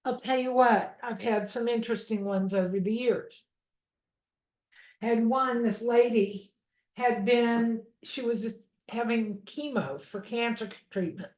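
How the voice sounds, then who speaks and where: A woman instructor teaches a real estate course in a chatty, conversational way and often checks in with "okay?". Her voice sits a little high. The recording carries the echo of a roomy space at home. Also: slow, darkish tone. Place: home room. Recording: echoey room.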